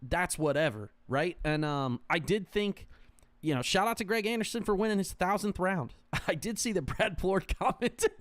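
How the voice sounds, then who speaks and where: Animated, rambling male podcast co-host. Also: sits high, normal speed, dry recording. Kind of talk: casual podcast chat.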